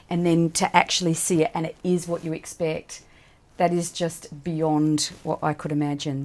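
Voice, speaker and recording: A woman, a children's book author, talking to viewers in a chatty, excited unboxing vlog. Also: low voice. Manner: gushing and excited.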